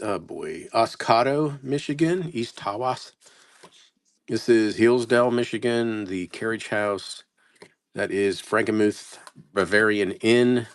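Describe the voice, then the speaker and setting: Slow, low-voiced man selling postcards. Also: no echo. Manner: reads place names, stumbles over pronunciations, self-mocking. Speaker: live-stream postcard seller. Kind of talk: casual live sales stream.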